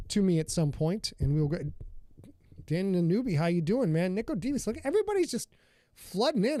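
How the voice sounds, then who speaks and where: A man hosts a laid-back livestream from his home studio, rambling and calling out viewers by name. His voice sits a little high, with a warm, mellow tone. The sound is dry and close-miked, with no room echo. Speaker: podcast host and author. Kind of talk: casual livestream chat.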